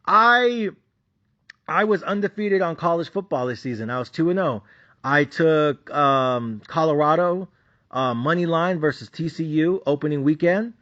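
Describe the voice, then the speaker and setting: A man's voice: fairly high pitch, animated, a little slow, fairly bright tone, dull audio. A man with a Mexican accent ranting profanely as host of a sports betting recap.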